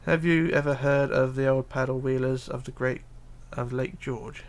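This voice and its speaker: A livestreaming man with a mid-range voice speaks at normal speed in a steady tone. While building, he reads viewer comments aloud and mutters to himself, using hesitant fillers in casual stream chat.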